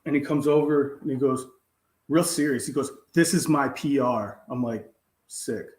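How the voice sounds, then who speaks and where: A man's voice: mid-range voice, normal speed, a little mellow, reverberant. A man co-hosting a podcast, chatting casually and acting out quotes in his stories, swearing freely. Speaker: podcast co-host. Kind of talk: casual chat, storytelling.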